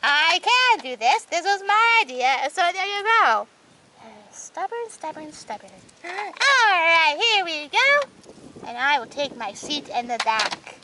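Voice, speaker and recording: A toy video creator voices a whole group of toy characters, squealing and chattering excitably through their banter in playful role-play. Her voice is extremely high-pitched and slow, on a noisy home recording.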